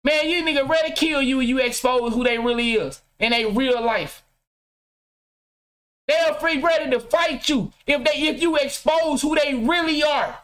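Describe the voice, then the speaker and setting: High-voiced man ranting profanely. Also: moderate pace. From Mississippi, US. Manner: profane, preachy, bursts into shouting. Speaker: podcast host. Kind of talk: casual livestream rant. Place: home game room.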